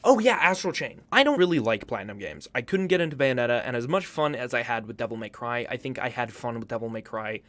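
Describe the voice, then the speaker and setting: Bright, profane young-sounding male host. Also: medium pitch, expressive, fast, hardly any pauses. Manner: profane, hyperbolic, jokey. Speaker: YouTube host. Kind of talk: casual commentary reaction video.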